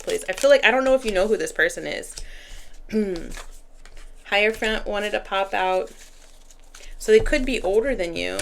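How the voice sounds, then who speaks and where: A woman's voice: fairly low pitch, a bit bright, a little hiss or hum. A woman giving a casual tarot reading, talking to the cards and spirit as she shuffles. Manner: talks to cards and spirit while shuffling, chatty. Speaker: tarot reader.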